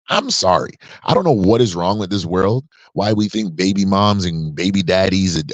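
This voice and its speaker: Husky, preachy man around forty. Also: sits low, animated, fairly quick, few pauses, no echo, lo-fi sound. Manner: emphatic and preachy, drawing out key words. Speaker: podcast commentator. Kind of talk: opinionated monologue.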